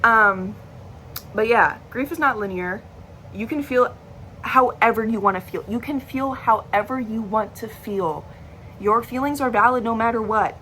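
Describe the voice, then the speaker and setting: Young woman, bright tense voice, blunt, emphatic, swears freely, talking to camera. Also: fairly high pitch, a little slow, slight background noise. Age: young adult. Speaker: vlogger. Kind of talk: candid personal talk to camera. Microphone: device recording while talking to a screen.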